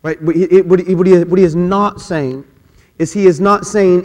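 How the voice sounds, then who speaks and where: A man preaching a sermon as pastor. He drops into quiet, chatty asides, then rises to shouted, drawn-out emphasis, repeating his words. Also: sits high, fairly even intonation. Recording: long hall reverb.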